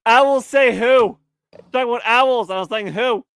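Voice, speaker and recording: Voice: medium pitch, normal speed, a bit bright. A livestream host chatting casually, playful and teasing, often breaking into laughter. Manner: playful, teasing, easily cracks up. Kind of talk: casual chat.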